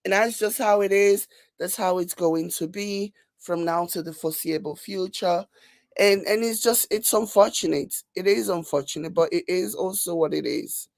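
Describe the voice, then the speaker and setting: A woman with a Nigerian accent hosting a casual commentary show, reading viewer comments and mocking them with animated, repetitive emphasis. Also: lowish voice, normal speed, gravelly, no room sound. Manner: animated, laughing, mocking, repeats herself for emphasis. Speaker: commentary channel host.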